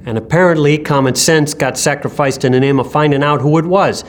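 A woman's voice: sits low, fairly quick, voice pushed down, natural voice. A woman voicing a protective man in a camp, brusque and teasing by turns, in an audiobook. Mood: stern.

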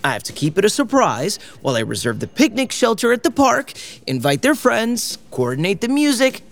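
A man's voice: high voice, big pitch swings, brisk, fairly bright tone, full character voice. Fields: Figure: earnest teenage boy. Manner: eager. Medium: audio drama. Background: music.

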